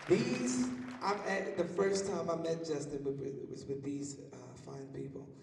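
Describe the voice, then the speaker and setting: A man's voice: fairly high pitch, moderate pace, gravelly, a crowd in the background, background noise. A man hosting a memorial service, giving an emotional, rambling eulogy with many restarts. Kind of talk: heartfelt eulogy speech. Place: large hall at a memorial service. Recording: echoey hall, voice from far off.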